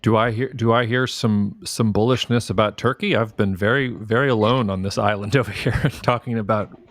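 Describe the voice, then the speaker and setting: A man hosting a podcast, talking in a relaxed, thoughtful way and trailing off as he thinks aloud. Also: lowish voice, brisk, dry recording, clean studio sound. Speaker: podcast host. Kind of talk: casual podcast conversation.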